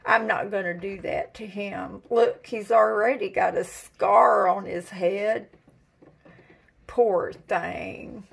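A woman's voice: mid-range voice, fairly even intonation, slow pace, vocal fry, husky. A woman, chatting casually in a giggly, folksy way while filming a home vlog indoors. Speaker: vlogger.

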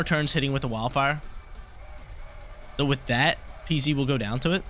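A man talks through his own online battle at a quick clip, excitable and slangy, often saying a line twice. His voice sits at an everyday pitch, and a faint music track plays underneath. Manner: excitable, repeats himself, slangy. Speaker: game commentator. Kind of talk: casual play-by-play of an online battle.

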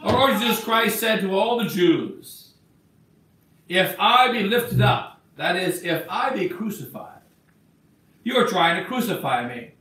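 A man's voice: high-pitched, animated, measured pace, fairly bright tone. A man preaching an emphatic sermon as a bishop, acting out the words he quotes. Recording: echoey church from far off.

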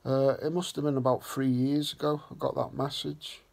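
A man hosting a vlog, talking slowly and earnestly in a reflective way. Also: mid-range voice, little pitch movement, vocal fry, darkish tone. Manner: slow, earnest and heartfelt. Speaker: vlog host.

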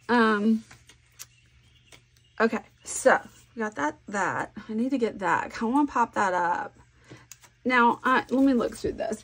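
A woman's voice: medium pitch, slightly rough. A middle-aged woman, chatting casually and thinking aloud as she works on a scrapbook layout. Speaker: scrapbooking crafter. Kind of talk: casual crafting vlog talk.

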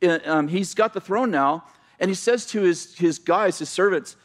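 A male pastor delivering a sermon in a relaxed, conversational way. He tells the story with casual asides and corrects himself mid-sentence. His voice sits a little on the high side. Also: moderate pace.

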